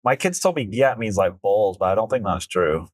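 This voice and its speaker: A man's voice: on the low side, animated, normal speed, dry recording, studio quality. A middle-aged man co-hosting a podcast, chatting casually, rambling and trailing off with frequent laughs. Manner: rambling, laughs often, trails off mid-sentence. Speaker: podcast co-host. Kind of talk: casual chat.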